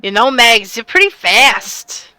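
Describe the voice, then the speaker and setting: Smooth-voiced easygoing woman player. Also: a little high, big pitch swings, slow, sharp tone, no echo. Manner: easygoing, hedging. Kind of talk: in-character tabletop play.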